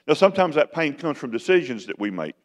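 A man's voice: on the high side, very animated, quick pace. A man preaching a sermon as pastor, in a folksy, conversational way that keeps asking the congregation questions.

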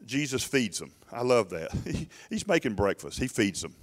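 A man's voice: mid-range voice, big pitch swings, moderate pace. A middle-aged man preaching a sermon in a church, emphatic and urging, often restarting his words. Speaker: pastor.

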